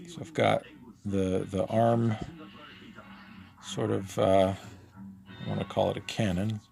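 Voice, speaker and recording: A man with a fairly low voice and some gravelly fry talks through his drawing process on a live stream. His manner is relaxed and rambling, full of small fillers and restarts. Soft music plays faintly behind him. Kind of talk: casual chat while drawing.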